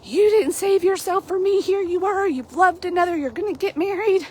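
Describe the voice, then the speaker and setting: A woman's voice: very high voice, moderate pace, darkish tone, voice pushed up. A woman voicing a jealous, angry young man accusing his lover, in a raised, indignant voice.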